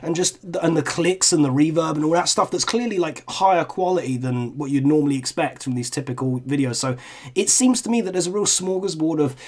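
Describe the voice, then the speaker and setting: Young male video reviewer, candid and casual, a touch high in pitch, swears freely. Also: a little fast. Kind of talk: reaction commentary.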